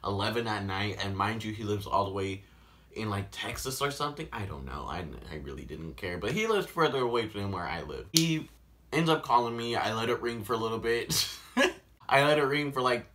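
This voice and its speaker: A man telling a story in a casual vlog, animated and sarcastic. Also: on the low side, moderate pace. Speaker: vlogger.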